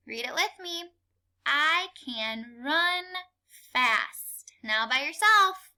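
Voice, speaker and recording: A woman teaching a class of small children, speaking very slowly and clearly with a bright, sharp tone. She drills counting and spelling in a playful, sing-song way, praising often. Her voice sits fairly high. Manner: encouraging, playful. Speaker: kindergarten teacher. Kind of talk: slow calendar lesson for young children.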